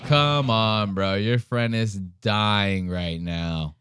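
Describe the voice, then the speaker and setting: Young podcast dude, crude slangy jokes, smooth voice, dry sound. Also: male voice, lowish voice, very slow, fairly bright tone, dry recording. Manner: crude, joking, full of slang. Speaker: podcast host. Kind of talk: casual commentary on a video.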